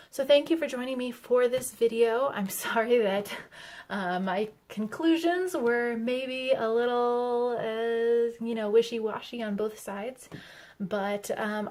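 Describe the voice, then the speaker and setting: A young woman chats to her camera in a casual vlog. Her voice sits at a middling pitch, and she hedges with fillers and pokes fun at herself as she talks. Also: darkish tone. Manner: chatty and self-deprecating, hedging with fillers. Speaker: planner vlogger.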